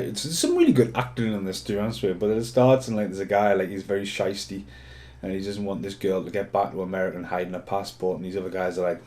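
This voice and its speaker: A man's voice: low voice, dark tone. A man rambling casually through a film review vlog, swearing a lot and laughing at the films.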